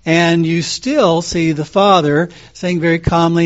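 A man preaching as pastor, calm and conversational, telling stories with frequent fillers. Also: on the high side, unhurried, hardly any pauses, lo-fi sound. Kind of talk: sermon.

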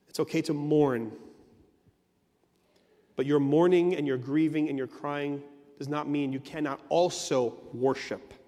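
A man's voice: a little high, warm tone, long reverb tail. A man preaching an earnest sermon as a pastor, leaning on emphatic repetition.

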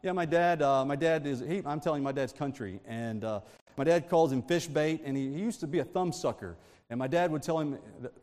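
A man delivers a sermon full of family anecdotes and asides, often breaking into laughter. His voice sits a little higher than most men's. A long reverb trails each phrase, as in a large church. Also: a little fast, a little mellow. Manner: storytelling with frequent laughs and asides. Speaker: preacher.

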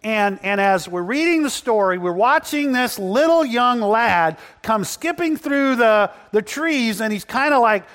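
A man preaching a sermon to a congregation, telling Bible stories in an animated way that swings from loud, excited passages to hushed, quiet ones. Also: extremely high pitch, unhurried, hardly any pauses, long reverb tail. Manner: animated storytelling, acting out biblical characters, swings between loud and hushed. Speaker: pastor. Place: church building before a congregation.

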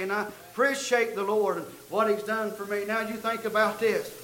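A man preaching a sermon, telling a story and building to loud, emphatic peaks. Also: high-pitched, fairly even intonation, normal speed, reverberant, poor audio. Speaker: pastor.

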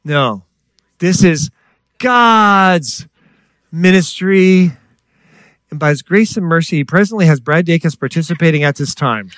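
Lively preacher man telling stories. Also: a little high, fairly quick, no echo. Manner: lively storyteller, acts out voices, jokes with the congregation. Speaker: guest preacher. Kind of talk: sermon with stories.

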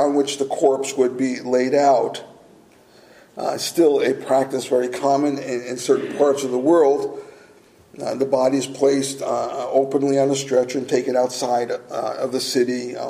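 A middle-aged man preaching a sermon as pastor, earnest and deliberate, with filler words. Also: medium pitch, vocal fry, dark tone. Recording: echoey room.

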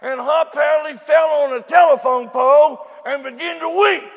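Older man, sermon, very high gravelly voice, long echoing hall reverb. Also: normal speed, a faint crowd. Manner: prays softly, then preaches in rising shouts. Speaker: preacher.

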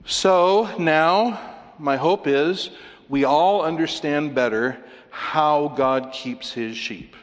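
A man's voice: fairly high pitch, slow. A man preaching a sermon as a pastor, conversational and emphatic, asking rhetorical questions and chuckling now and then. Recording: long hall reverb.

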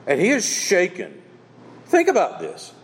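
A man's voice: sits high, wildly swooping pitch, a little slow, breathy edge, in a large hall. A man preaching a sermon as pastor, emphatic and quoting scripture dramatically.

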